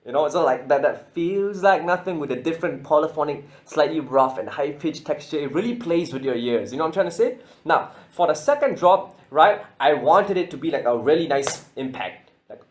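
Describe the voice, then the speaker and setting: Excited beatboxer man, stuttery. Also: fairly high pitch, fairly quick. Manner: excitable, stutters and repeats words. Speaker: beatboxer explaining his routine. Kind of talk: casual spoken breakdown.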